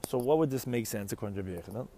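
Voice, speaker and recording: A man's voice: mid-range voice, lively intonation, very fast, dark tone, slight background noise. A man giving a Talmud lecture, reading Aramaic phrases and explaining each one in English, often posing questions to his listeners. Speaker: Talmud teacher.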